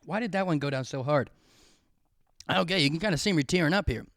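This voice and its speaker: A man's voice: on the high side, fast, a bit bright, no echo, studio quality. A young man hosting a solo podcast, rambling and swearing in a self-mocking comic rant while drinking at home. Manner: profane, rambling, self-mocking, acts out quoted voices. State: drinking alcohol. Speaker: podcast host. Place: alone at home, filming himself. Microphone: camera pointed at his face.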